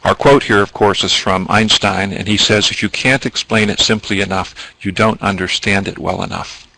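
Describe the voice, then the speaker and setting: A man's voice: lowish voice, steady tone, moderate pace, creaky, sharp tone, no echo, low-quality recording. A man presenting a business training webinar, explaining at length with ums and asides.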